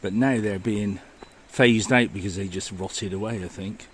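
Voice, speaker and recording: A man's voice: lowish voice, steady tone, moderate pace, slight background noise. A man narrating a walking history vlog outdoors by a river, enthusiastic and marvelling. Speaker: walking vlogger. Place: outdoors by a river and woodland path.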